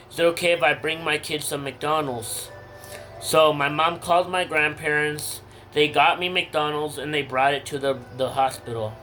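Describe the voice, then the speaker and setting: A man's voice: fairly high pitch, pushed and bright, low-quality recording. A teenage boy casually telling a personal story to his viewers, slangy, candid and emotional. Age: teens. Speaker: vlogger.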